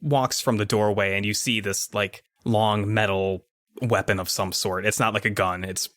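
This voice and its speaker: A man narrating a tabletop game as game master, describing each scene like comic panels. His voice sits fairly low, and the sound is dry and close. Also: fairly even intonation, moderate pace, a bit bright, no room sound.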